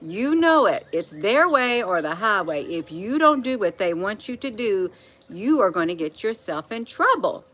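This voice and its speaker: A woman's voice: medium pitch, big pitch swings, normal speed, a bit bright. A woman talking casually at home in an opinion vlog, emphatic and repeating phrases to drive her point home. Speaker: vlogger. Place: at home, indoors.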